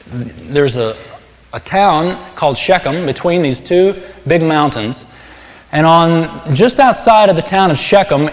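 A man preaching a sermon, talking in an earnest, conversational way and stressing key words emphatically. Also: a little high. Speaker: pastor. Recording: long hall reverb.

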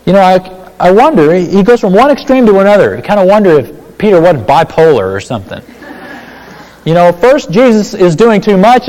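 Animated male preacher in a reverberant hall. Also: high-pitched, brisk. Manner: animated, emphatic preaching with asides. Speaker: pastor. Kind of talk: sermon.

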